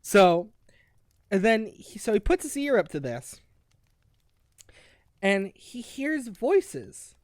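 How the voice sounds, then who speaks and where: A young woman co-hosting a casual comedic book review, loud, profane and giggly while sipping wine. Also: medium pitch, big pitch swings, slow, pauses often, dry recording, studio quality. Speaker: podcast co-host.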